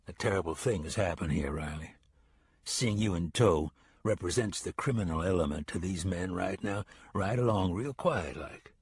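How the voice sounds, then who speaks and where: Guy doing a quiet blunt ranger, deep and steady, breathy. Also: moderate pace, dry recording, clean studio sound, heavily acted.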